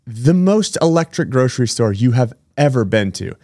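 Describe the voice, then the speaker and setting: This podcast host has a mellow, medium-pitched, sing-song voice, speaking at a moderate pace in a clean studio with no echo. It's a casual solo chat that rambles through side-tracks and self-corrections.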